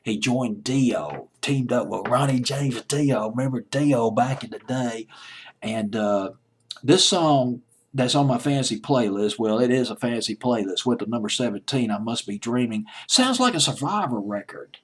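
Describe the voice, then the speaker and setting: A man's voice: medium pitch, animated, unhurried, slightly rough. A man hosting a countdown of old playlist songs, chatting in a rambling way and correcting himself as he goes. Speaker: music countdown host. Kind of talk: casual spoken countdown commentary.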